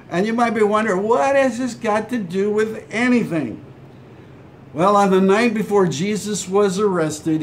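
A man's voice: high-pitched, a little hiss or hum. A man from Hawaii preaching a short devotional sermon in a conversational way, now and then acting out imagined replies. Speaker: pastor.

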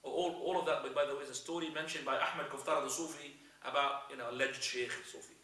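A male religious teacher giving a lesson, retelling stories in an animated way. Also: mid-range voice, fast talker. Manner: animated storyteller, frequent fillers and restarts. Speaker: Islamic teacher. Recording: echoey room, speaker far from mic.

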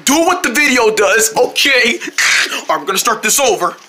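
A channel host playing several characters in a silly kids' skit, switching between goofy voices and bursting into shouts and squeals. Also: mid-range voice, animated, normal speed, very noisy.

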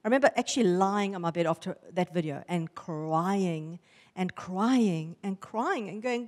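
A woman giving a lively testimony sermon to a women's church gathering, acting out the voices in her stories. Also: mid-range voice, a little slow, in a large hall. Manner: animated storytelling, acting out voices. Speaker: women's ministry speaker. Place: church hall.

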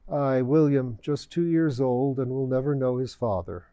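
A man's voice: medium pitch, mellow, no echo, close to an everyday voice. A man voicing a grieving old bishop. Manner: sorrowful, halting.

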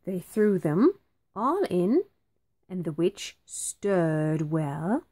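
A woman teacher reading a children's storybook aloud, slow and very expressive. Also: lowish voice, dry recording.

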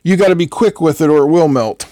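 An older man talks in a slightly higher voice, with a loose, rambling, chatty manner. He answers viewers while he works through a soldering build. The sound is dry and close. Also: fast talker, warm tone, no echo. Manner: rambling, chatty, answers chat between steps. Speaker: host of an electronics build stream. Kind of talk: casual chat while soldering.

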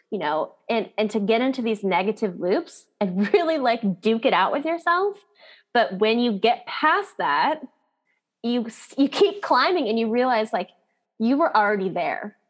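A woman's voice: fairly high pitch, lively intonation, moderate pace. A woman guest on a podcast interview, telling a personal story in a candid, chatty way with lots of "like".

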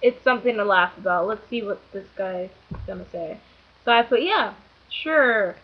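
A woman's voice: mid-range voice, a little fast, husky, dull audio. A young woman telling a story casually, rambling and giggly, with many fillers. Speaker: vlogger.

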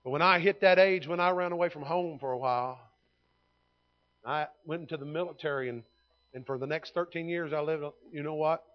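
A man, preaching a sermon in a folksy storytelling way that swings from loud to hushed. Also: on the high side, a little fast, lo-fi sound. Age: 50s. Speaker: pastor. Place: church sanctuary.

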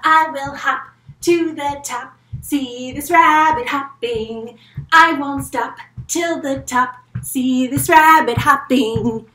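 A woman's voice: high voice, slow, bright, forceful tone, roomy sound, voice pushed up, exaggerated voice. A woman voicing a cheerful rabbit in a children's story, singing in a bouncy way as he hops.

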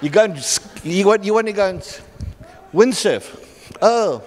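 A man in middle age delivers a sermon from the pulpit in a fairly high voice. He tells stories with stumbles and restarts and acts out the people in them. His voice trails off into the long reverb of a church hall. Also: moderate pace, slight background noise. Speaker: pastor.

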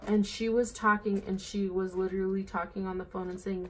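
A young woman vlogs a casual plan-with-me session, filling in her planner while rambling in a bubbly way and often saying "like" and "oh my gosh." Her mid-range voice is flat in delivery and a little fast with few pauses, over a slight hiss or hum.

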